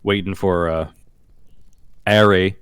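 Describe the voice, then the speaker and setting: A man's voice: low-pitched, fairly even intonation, slow, a bit bright, smooth, dry recording. A man playing a tabletop role-playing game, speaking hesitantly with stammers and restarts. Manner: hesitant, stammering, laughs easily. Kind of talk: casual tabletop play.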